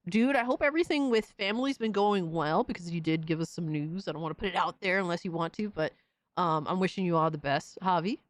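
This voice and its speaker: A woman hosting a live stream, reading chat messages aloud and reacting in an excitable, profane, casual way. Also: fairly low pitch, fast talker, dry recording. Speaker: livestream host reading chat.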